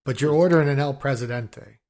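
A man's voice: mid-range voice, brisk, darkish tone. Profane riffing male podcast co-host. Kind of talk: casual chat.

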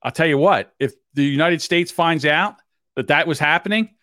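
A man's voice: a little high, moderate pace, sharp tone, no room sound, studio quality. A man co-hosting a podcast, joking in a crude, brash, casual way. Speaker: podcast co-host.

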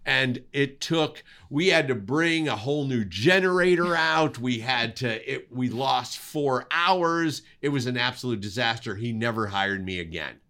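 Bright, animated male storyteller. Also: a little high, measured pace, vocal fry. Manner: animated, makes sound effects while telling stories. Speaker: co-host, cinematographer. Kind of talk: casual storytelling.

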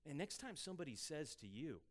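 Male pastor, slightly high voice, sermon delivery that swings from soft asides to emphatic proclamation. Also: big pitch swings, fairly quick. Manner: emphatic preaching, rising loud on scripture, dropping soft for asides. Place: church sanctuary.

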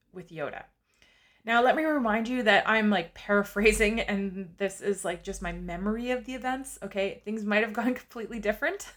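A woman's voice: mid-range voice, fairly bright tone. A woman in her forties telling her own story in a candid, confessional monologue with casual fillers.

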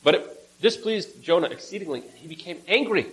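A man's voice: high voice, lively intonation, fairly quick, fairly bright tone, rough recording. A man preaching, reading a scripture passage aloud with casual asides and small self-corrections.

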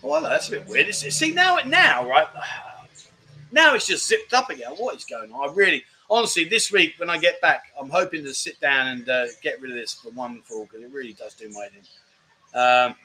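A man's voice: a little high, lively intonation, fairly quick, bright, forceful tone, slight background noise. A middle-aged British man hosting a casual live-stream chat show, reading viewer comments in a jokey, rambling way and calling people mate.

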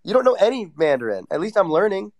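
A man's voice: sits high, very animated, a little mellow, no room sound. A young man ranting brashly in casual chat, full of swearing. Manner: brash, profane, quick ranting.

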